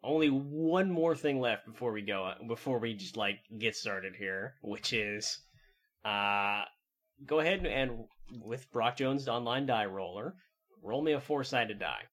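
A man running a tabletop game as game master, chatting casually and briskly moving things along. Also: medium pitch, animated, fairly bright tone.

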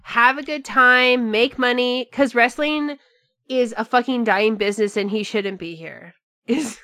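A woman co-hosting a podcast, chatting casually in an animated, profane way with mocking asides. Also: a little high, unhurried, dry recording. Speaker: podcast co-host. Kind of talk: casual chat.

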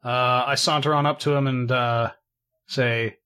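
Casting: male player, dry and deliberate, slow unhurried delivery. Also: medium pitch, fairly even intonation, pushed and bright, clean tone. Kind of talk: casual tabletop play.

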